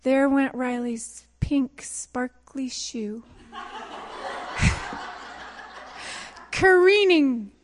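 A woman's voice: high voice, slight background noise. A pastor's wife telling a funny story in a sermon, laughing often as she speaks. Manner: lively and expressive, quick to giggle. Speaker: pastor's wife giving a talk.

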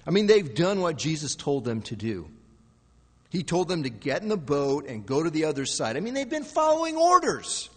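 A man preaching a sermon with dramatic shifts from soft, low passages to loud, pleading outbursts. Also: expressive, moderate pace, big-room sound. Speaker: pastor.

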